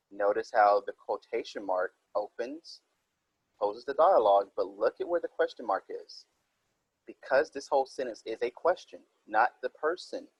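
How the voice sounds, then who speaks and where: A man's voice: on the low side, breathy edge, dry recording, low-quality recording. A man teaching a recorded writing minilesson, explaining step by step and reading example sentences aloud.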